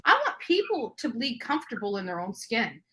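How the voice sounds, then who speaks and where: A woman's voice: on the high side, sing-song, normal speed, noisy background. A woman streamer arguing on a live stream, who speaks of herself in the third person. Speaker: YouTube streamer.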